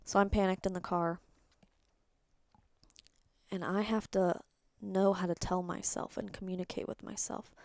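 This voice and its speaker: A woman's voice: medium pitch, little pitch movement, unhurried, creaky, pauses often, a little mellow, dry recording, clean studio sound. A woman hosting a personal solo podcast, talking candidly and rambling, sometimes dropping into a whisper. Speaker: podcast host.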